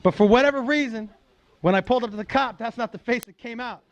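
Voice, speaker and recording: A middle-aged male stand-up comedian tells a story on stage in an animated, profane way, acting out the characters. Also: very high voice, fast talker, gravelly, dull audio.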